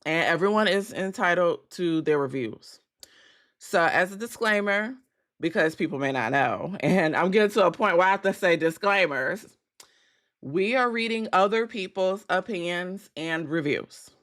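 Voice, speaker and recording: A woman's voice: lowish voice, animated, normal speed, fairly bright tone. A woman hosting a casual livestream, talking bluntly and with plenty of swearing to her viewers, her voice cracking because she has just woken up. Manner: blunt, profane, chatty with viewers. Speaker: livestream host.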